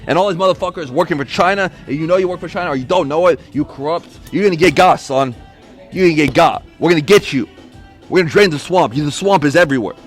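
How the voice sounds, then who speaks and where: Fast-talking angry man ranting. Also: a little high, husky, faint music behind. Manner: angry, profane, accusatory; shouting bursts. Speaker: podcaster. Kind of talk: solo rant.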